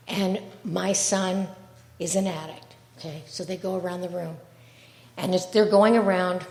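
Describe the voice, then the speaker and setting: A woman's voice: mid-range voice, a little mellow. A woman in her fifties telling her personal story at a support meeting, earnest and conversational, often restarting her sentences. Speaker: speaker sharing her story. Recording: echoey hall with long reverb.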